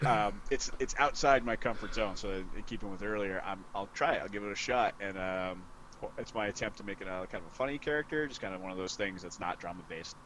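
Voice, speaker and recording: A man on a casual gaming podcast, relaxed and self-deprecating, laughing often. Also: fairly low pitch, brisk, a little hiss or hum, rough recording. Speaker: podcast co-host.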